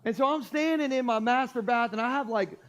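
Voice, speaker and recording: Male pastor, higher-pitched voice, animated sermon with humor, church setting. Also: brisk. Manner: animated, jokey storytelling. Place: church stage.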